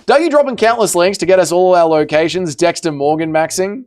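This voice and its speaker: A man's voice: high-pitched, brisk. A man hosting a livestream, casually reading out chat with blunt, swearing jokes. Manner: joking, blunt, swears, trails off quietly. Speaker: livestream host.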